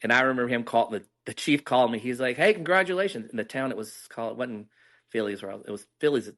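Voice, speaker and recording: A man's voice: mid-range voice, expressive, quick pace, fairly bright tone. A middle-aged man, candidly telling stories as a guest in a casual interview and acting out the dialogue he quotes.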